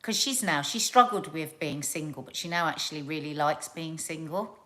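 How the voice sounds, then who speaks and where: Chatty South Londoner rambling on a live stream. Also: female voice, low voice, normal speed. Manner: chatty, rambling, animated storytelling. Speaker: live show host. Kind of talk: casual live-stream chat.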